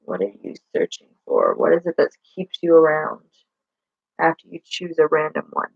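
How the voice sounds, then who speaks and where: Woman rambling on a live stream, creaky gravelly voice, dry dull lo-fi sound. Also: deep voice, huge pitch swings, moderate pace, no room sound. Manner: rambling, self-correcting, chats to viewers. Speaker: livestreamer. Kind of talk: casual live-stream chat. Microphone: laptop or phone mic.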